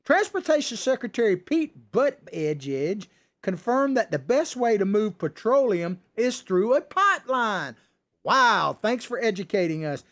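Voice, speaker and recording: A man's voice: high voice, very animated, measured pace, a bit bright. Sarcastic, ranting talk show host man. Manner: sarcastic, ranting, with frequent chuckles. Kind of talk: political commentary monologue.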